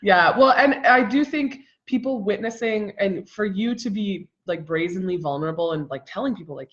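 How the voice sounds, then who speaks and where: A woman's voice: mid-range voice, lively intonation, moderate pace, hardly any pauses, muffled recording. A young woman hosting an interview in casual conversation, often affirming her guest with "yeah". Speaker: interview host.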